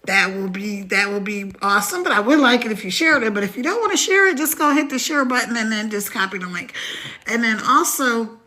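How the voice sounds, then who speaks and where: A woman's voice: on the high side, expressive, fairly quick, bright, forceful tone. A woman hosting a live stream, chatting casually, telling a story with laughs and greeting viewers by name.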